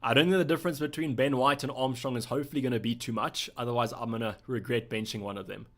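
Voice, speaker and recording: A young man from South Africa hosts a casual live stream at a mid pitch. He answers viewer questions in a relaxed, thinking-aloud way. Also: quick pace. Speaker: livestream host.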